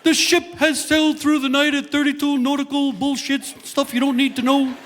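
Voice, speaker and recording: A man's voice: very high-pitched, level tone, normal speed, voice pushed up. Fields: Figure: a man doing a pompous ship captain. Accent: mock British. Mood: droning. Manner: drones on over a loudspeaker. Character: pompous droning male cruise ship captain. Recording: live audience laughter, noisy hall.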